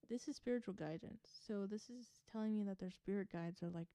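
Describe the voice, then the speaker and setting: A woman's voice: mid-range voice, brisk, hardly any pauses, warm tone, no echo. A woman giving a casual tarot reading to camera, musing aloud in a chatty way and laughing often. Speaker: tarot reader.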